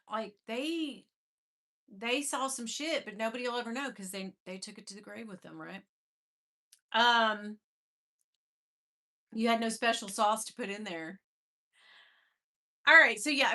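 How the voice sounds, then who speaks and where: A woman's voice: on the high side, sharp tone. A woman in her fifties hosting a live stream, chatting casually, greeting viewers by name and laughing often as she sets up a personal story.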